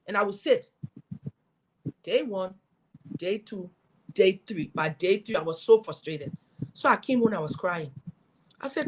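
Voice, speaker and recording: A middle-aged woman from Liberia speaking, a guest in an interview telling her story as a former senator with lively, preaching energy. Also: mid-range voice, moderate pace, rough recording. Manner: animated, preaching storytelling with acted quotes.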